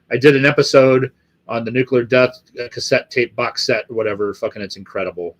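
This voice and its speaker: A middle-aged man from the Los Angeles area hosting a live stream, chatting casually with viewers in a rambling, profane way full of fillers. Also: medium pitch.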